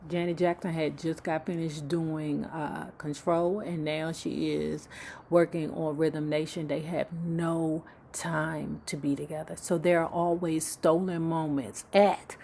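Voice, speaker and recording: A woman's voice: sits low, little pitch movement, measured pace, creaky, warm tone, a little hiss or hum. A woman host telling celebrity gossip in a casual, sassy, profane way, with mocking asides. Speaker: YouTube book club host.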